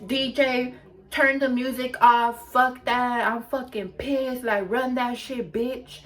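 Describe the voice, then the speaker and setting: A woman quoting a tall, brash, foul-mouthed young woman at a party, speaking loudly and confrontationally. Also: on the high side, steady tone, slow. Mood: furious. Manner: loud, cursing, confrontational.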